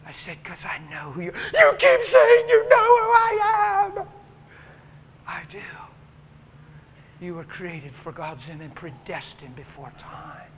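A man preaching a sermon as he tells a story, dropping to a hush and rising to a shout. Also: sits high, huge pitch swings, a little slow, a little hiss or hum.

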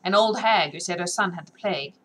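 A woman doing a breathless shouting guard captain. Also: fairly low pitch, fairly quick, a little hiss or hum, close to an everyday voice, poor audio. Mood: alarmed. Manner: urgent, shouting.

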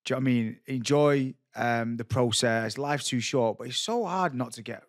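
A man's voice: medium pitch, moderate pace, no echo. A man hosts a podcast in an earnest, reflective way, often restarting his sentences. His voice sits in a middle range and is recorded dry and close. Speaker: podcast host. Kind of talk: reflective conversational interview.

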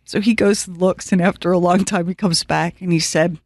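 A middle-aged woman co-hosting a radio show, telling a story in an animated, self-mocking way. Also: brisk, few pauses, no room sound, studio quality. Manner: animated, self-mocking storytelling with squeaky teary quoted outbursts. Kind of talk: storytelling chat.

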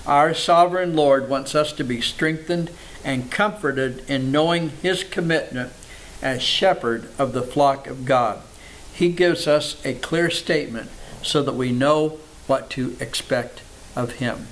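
A man's voice: mid-range voice, measured pace, a bit bright, slight background noise, low-quality recording. A man, a pastor, preaching a sermon, reading scripture aloud between plain explanations and repeating words for emphasis. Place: church service.

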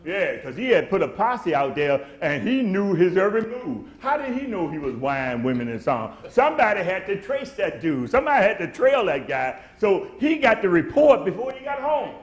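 A man preaches, his voice sitting a little high as it builds into emphatic swells and acted-out quotes. The sound carries around a roomy, echoey church sanctuary. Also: sing-song, normal speed, few pauses. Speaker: pastor. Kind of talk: sermon.

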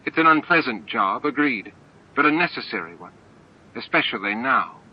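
A man voicing a calm, composed woman of firm resolve in a homemade audiobook, speaking evenly and plainly. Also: medium pitch, breathy edge, muffled recording. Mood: earnest. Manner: even, measured, plain-spoken.

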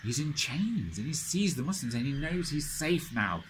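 A man's voice: fairly high pitch, sing-song, normal speed, slight background noise. A man teaching a study circle, retelling history dramatically with many restarts and frequent checks of "right?". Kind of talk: lecture storytelling.

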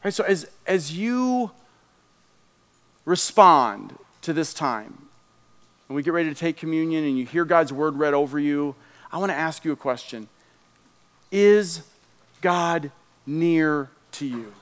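Animated preacher man in a reverberant hall. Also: fairly high pitch, a little slow, long pauses. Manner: animated, conversational preaching that drops to a hushed prayer. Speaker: pastor. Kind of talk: sermon. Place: church sanctuary.

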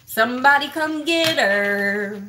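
A woman's voice: high-pitched, lively intonation, slow pace, bright, forceful tone. A woman hosting a livestream, gossiping bluntly and profanely about online drama straight to her viewers. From Texas. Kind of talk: casual livestream commentary.

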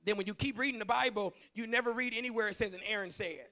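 A man preaching a sermon to his congregation. He swings from chatty asides to fervent shouting. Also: high voice, fast, crowd noise. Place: church service.

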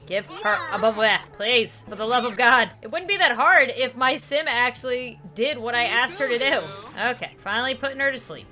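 Bright, excitable woman gaming host. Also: a little high, a little fast, hardly any pauses, soft background music. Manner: excitable, exclamatory, laughs often. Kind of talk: let's play commentary.

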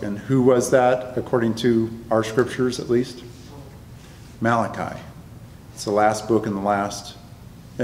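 A man teaching a Bible study class to a live group, talking conversationally and often checking that the class is following. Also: mid-range voice. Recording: echoey room, long reverb, faint noise.

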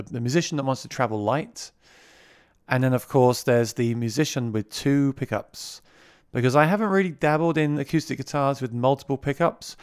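A gear reviewer gives a casual product demo, speaking through a vocal mic routed into the mixer he's reviewing. His mid-range voice is clean, the studio sound has no room noise, and he chats away, repeating words when he restarts.

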